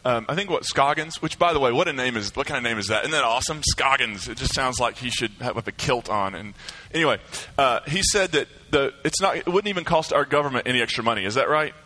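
A middle-aged man with a slight lisp, a pastor giving casual, joking church announcements and a sermon at a deliberate pace. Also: medium pitch, animated, pushed and bright, poor audio.

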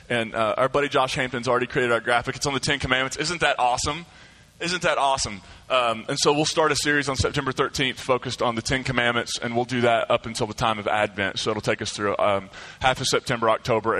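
A middle-aged man with a slight lisp, a pastor giving casual, joking church announcements and a sermon at a deliberate pace. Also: mid-range voice, bright, forceful tone, poor audio.

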